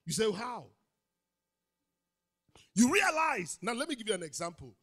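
A pastor with a Nigerian English accent preaching a sermon in a church auditorium, calling out to the congregation and building up to shouted lines. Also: male voice, high-pitched, big pitch swings, measured pace, husky. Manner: preaching with crowd call-outs, swelling into shouts.

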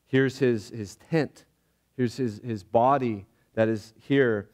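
A pastor preaching a sermon, earnest and reflective, often pausing and halting as he speaks. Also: medium pitch, steady tone, a little mellow. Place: church.

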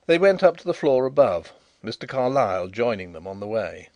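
A man narrating a classic detective story in a lively, expressive storytelling manner. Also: mid-range voice, brisk, hardly any pauses, no echo. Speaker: audiobook narrator. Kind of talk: scripted narration.

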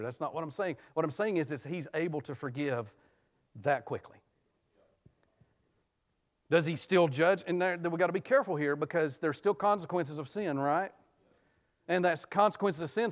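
A man, a guest preacher, delivering a conversational sermon in a church, telling family stories and swinging between quiet, talky passages and sudden loud rises. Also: on the high side, lively intonation, normal speed. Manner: tells personal family stories, laughs often. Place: church sanctuary.

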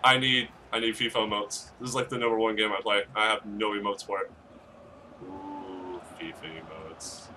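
A man streaming a football game, chatting casually, yelling at his players and swearing. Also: on the low side, fast talker, hardly any pauses, distant mic, noisy background. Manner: excitable, yells at players, swears. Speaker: gaming streamer. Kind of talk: casual gaming commentary.

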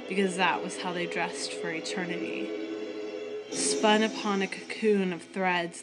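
A woman reading a story aloud as narrator, in a measured, steady manner. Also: lowish voice, over loud music. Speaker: audiobook reader.

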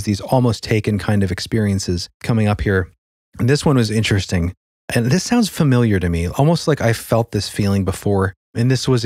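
A man's voice: lowish voice, darkish tone, no room sound. Man musing in a dry close sound. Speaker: podcast co-host. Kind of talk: casual podcast discussion.

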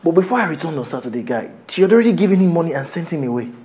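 A man's voice: a little high, sing-song, very fast, darkish tone. An actor with a Nigerian accent playing a worried husband who confides his unease about his wife to a friend. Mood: uneasy.

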